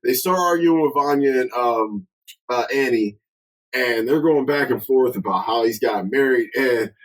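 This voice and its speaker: A man's voice: medium pitch, measured pace, low-quality recording. A young man co-hosting a film review podcast in loose, slangy, profane casual chat, laughing often.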